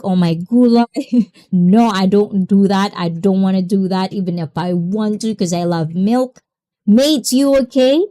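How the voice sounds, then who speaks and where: A woman's voice: fairly high pitch, mellow, clear, resonant tone. A woman hosting a livestream, greeting viewers by name and chatting casually with effusive exclamations. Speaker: livestream host. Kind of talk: casual livestream chat reading comments.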